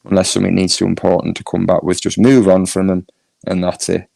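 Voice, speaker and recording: A Northern English man on a live stream, his low voice gravelly and fried at the edges. He talks loosely and laughs a lot, answering chat as he goes, and the sound is close and dry. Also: completely flat delivery, a little fast, dark tone, dry recording. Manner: chatty, laughs often, reads chat aloud. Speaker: YouTube streamer.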